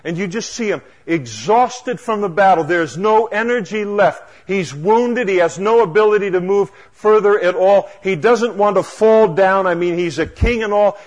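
A man delivers a sermon in a high-pitched voice. He moves from hushed, low asides to loud, emphatic declarations. He slips in wry, laughing asides along the way. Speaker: pastor.

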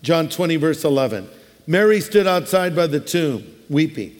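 A high-voiced man preaching a sermon, telling stories casually and dropping in playful jokes. His words ring out with a long reverb, as in a big church hall. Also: very animated, moderate pace. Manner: conversational storytelling with humorous asides. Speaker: pastor.

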